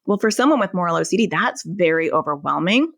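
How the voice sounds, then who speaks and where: A woman's voice: lowish voice, animated, fast, vocal fry, fairly bright tone, no echo, clean studio sound. A woman therapist, a guest on an interview podcast, explaining things and illustrating them with everyday family examples. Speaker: anxiety and OCD therapist, guest.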